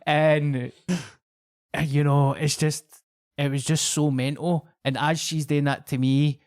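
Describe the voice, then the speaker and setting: A man's voice: fairly high pitch, takes it slowly, clean tone. Scottish man telling a wild gig story. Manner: animated, swearing, acting out quoted locals. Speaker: guest comedian. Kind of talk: casual podcast storytelling.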